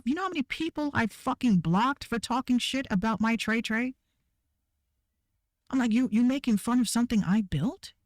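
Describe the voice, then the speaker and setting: A woman's voice: medium pitch, a little mellow, no room sound, clean studio sound. A woman ranting bluntly and heatedly to her viewers, swearing a lot and repeating herself for emphasis. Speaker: online creator ranting to viewers. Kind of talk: profane rant to camera.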